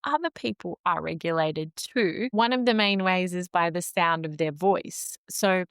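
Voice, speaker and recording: A woman guest on a podcast, explaining the nervous system in a calm, measured, teacherly way with frequent "like" and "um". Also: fairly low pitch, smooth, no room sound, clean studio sound.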